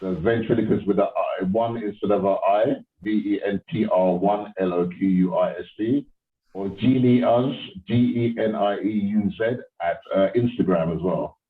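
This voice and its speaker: A somewhat low-voiced man speaks in a brisk, matter-of-fact way as a ventriloquist guest. He joins over a video call, and his voice comes through thin and phone-like.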